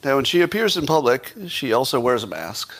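A man's voice: medium pitch, very animated, a little fast, a bit bright. Sarcastic man commenting on the news. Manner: sarcastic, rhetorical questions, dry asides. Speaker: political commentator. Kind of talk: casual livestream commentary.

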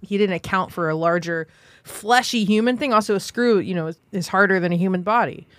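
A woman's voice: mid-range voice, brisk, fairly bright tone, no echo. A woman co-hosting a comedy podcast, chatting casually and cracking bawdy jokes. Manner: bawdy, jokey, puts on voices. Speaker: podcast co-host.

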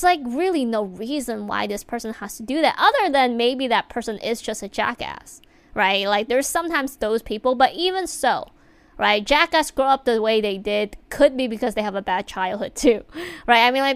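A woman's voice: a little high, clean tone, no echo. Chatty woman giving workplace advice. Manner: chatty, many fillers, animated emphasis. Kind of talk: casual advice talk to viewers.

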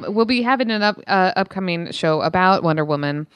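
Animated middle-aged woman telling stories. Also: fairly quick, clear, resonant tone, dry recording. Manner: animated storyteller, acts out quotes in high voices. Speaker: podcast co-host. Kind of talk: casual chat.

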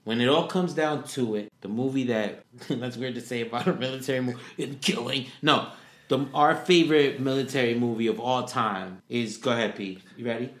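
A man co-hosting a podcast, chatting casually in an animated way with quick laughs. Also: medium pitch. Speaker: podcast co-host. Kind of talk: casual chat. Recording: roomy echo.

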